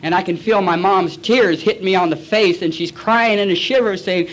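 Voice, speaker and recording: A man in his forties tells his personal recovery story to a meeting in a blunt, colloquial way. His voice sits a little on the high side, and he acts out past conversations as he goes. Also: moderate pace, fairly bright tone.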